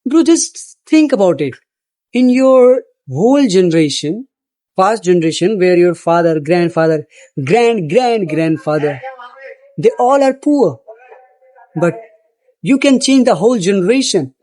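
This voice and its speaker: A man's voice: sits high, expressive, unhurried, mellow. A man giving a blunt, profane motivational monologue, repeating phrases for emphasis. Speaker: motivational speaker.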